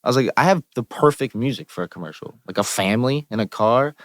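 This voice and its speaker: A young man with a Pittsburgh accent, a musician guest telling stories on a podcast in an animated, profane way and acting out the people he quotes. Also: mid-range voice, quick pace, no echo, clean studio sound. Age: young adult. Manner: animated, profane, quotes himself and others in lively asides. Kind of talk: casual podcast storytelling. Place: podcast studio.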